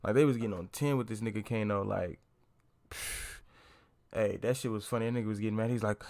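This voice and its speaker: A man's voice: lowish voice, fast, darkish tone. A young man giving a casual, profane movie review, rambling with lots of slang, fillers and restarts.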